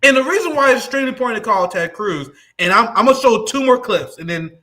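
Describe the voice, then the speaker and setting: A man hosting a stream, giving casual, profane, excited commentary on a played clip. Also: extremely high pitch, quick pace. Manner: excited, profane, loud reactions. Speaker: stream host.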